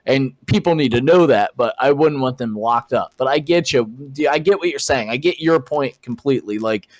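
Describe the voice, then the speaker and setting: A hesitant man who restarts and repeats his words as he makes his point in podcast banter. His pitch is middling for a man. The sound is dry and close, with no room echo. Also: moderate pace. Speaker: podcast co-host. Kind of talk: casual debate chat.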